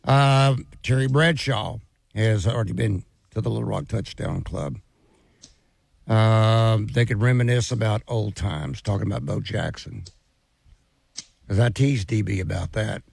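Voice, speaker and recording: A man's voice: lowish voice, measured pace, creaky, darkish tone, husky, no echo. A man co-hosting a casual sports radio show, chatting and reading listener messages aloud.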